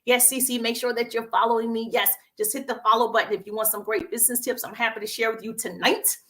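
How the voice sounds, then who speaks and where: A woman's voice: on the high side, fairly even intonation, fast, a bit bright. A woman with a Southern US accent hosts a casual livestream as a social media business coach, upbeat and greeting viewers by name, with a cough drop in her mouth.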